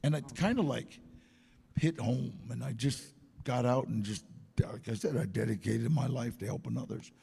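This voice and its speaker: An older man telling stories in an interview, animated and acting out the voices of people he quotes. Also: medium pitch, normal speed, gravelly, breathy edge, in a large hall. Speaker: interview guest. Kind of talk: casual storytelling.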